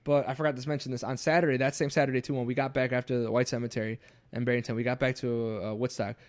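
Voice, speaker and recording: Speaking very fast at a medium pitch, this young podcast host recounts a ghost story in a casual way. Swearing runs through it, and he becomes animated whenever he imitates what his friends said.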